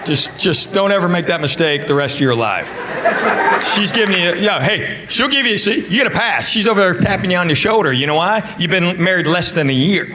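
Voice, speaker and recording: A man's voice: high-pitched, lively intonation, brisk. A middle-aged man performing a stand-up comedy routine, telling stories in a drawling, conversational way with asides to the crowd. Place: comedy club stage with a live audience. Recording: live club recording with audience noise.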